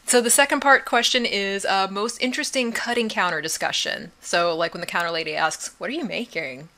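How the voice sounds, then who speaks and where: A woman co-hosting a casual chat, bubbly and quick to laugh. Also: mid-range voice, pushed and bright. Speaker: podcast co-host. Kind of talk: casual chat about cosplay.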